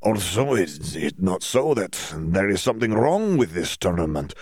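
A man's voice: low-pitched, sing-song, normal speed, darkish tone, breathy edge, dry recording, studio quality, exaggerated voice. A man reading an audiobook voices an earnest young male student wizard who talks in stiff, formal phrasing with hesitations. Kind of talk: audiobook character voice.

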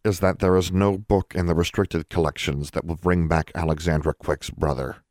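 A small timid house elf with a creaky, low voice and clumsy grammar, as a male narrator puts him on. He sounds mournful and worried, close and dry. The storybook delivery keeps him soft-edged and sorrowful. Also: fairly even intonation, moderate pace, no room sound, lightly acted. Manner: simple ungrammatical speech, mournful.

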